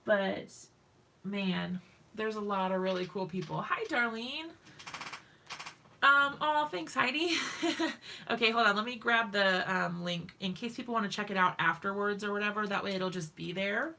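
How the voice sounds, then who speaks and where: Woman, live-stream craft host, casual and giggly with the chat; bright voice, vocal fry. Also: mid-range voice, normal speed, slight background noise. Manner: chatty, giggly, talks to viewers in chat.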